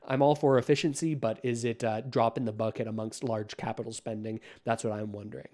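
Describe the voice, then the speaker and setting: A man hosting a live-stream commentary, talking in a measured, skeptical way with many ums and uhs. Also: medium pitch, flat delivery, warm tone. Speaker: political commentary host.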